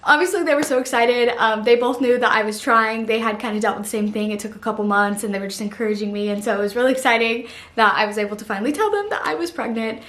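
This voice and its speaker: Young woman vlogger, chatty storyteller, bright higher voice, roomy echo. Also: fast talker, few pauses. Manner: chatty, lots of "like", giggly asides. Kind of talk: casual storytelling to camera.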